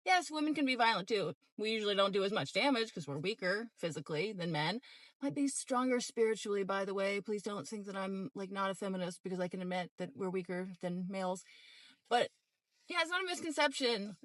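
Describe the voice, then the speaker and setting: A woman's voice: mid-range voice, expressive, fairly quick, fairly bright tone, dry recording. A woman vlogger giving casual commentary in a frank, rambling way, full of fillers.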